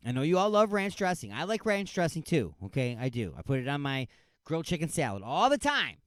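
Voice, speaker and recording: A man's voice: medium pitch, dry recording, clean studio sound. A man hosting a talk radio show, ranting sarcastically and comedically, often repeating that he is just saying.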